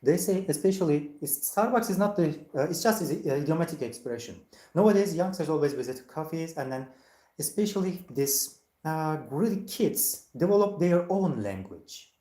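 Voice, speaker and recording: An IELTS speaking teacher running a mock exam chat, animated and laughing often, mimicking casual slang voices. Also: mid-range voice, moderate pace, roomy sound.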